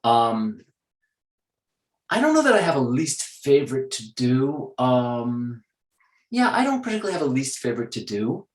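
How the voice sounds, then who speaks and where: A man talks in a relaxed interview, measured and sure of himself. His voice sits at an ordinary middle pitch. The room gives it a noticeable echo. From United States. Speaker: actor, interview guest. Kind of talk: casual interview conversation.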